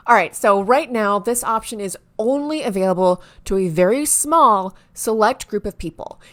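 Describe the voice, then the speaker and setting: An excitable woman hosts a marketing explainer in a mid-pitched voice. She talks with eager energy, tripping over her words now and then and dropping into quiet, wry asides. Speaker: marketing video host. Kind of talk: enthusiastic to-camera explainer.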